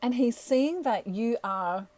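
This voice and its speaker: A woman's voice: a little high, lively intonation, slow pace, darkish tone, no echo. A woman chatting playfully through a tarot reading, laughing often as she talks. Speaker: tarot reader. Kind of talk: casual tarot reading monologue.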